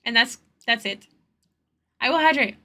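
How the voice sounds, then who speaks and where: A woman's voice: on the high side, normal speed, sharp tone. A woman chatting casually on her art live stream, thanking viewers and answering chat, with an occasional stutter. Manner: stutters at times.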